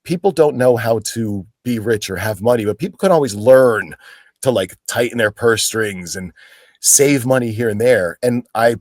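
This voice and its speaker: Recorded as clean studio sound with no echo, this Pennsylvania actor in his forties speaks at normal speed in a mid-range voice. As an interview guest he tells casual, animated stories, peppered with "like" and voicing the people he quotes.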